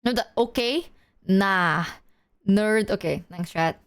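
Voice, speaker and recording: A woman streamer chatting casually to her audience, telling stories in an animated way and swearing often. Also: medium pitch, slow pace, clear, resonant tone. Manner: animated storytelling, heavy swearing. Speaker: live streamer.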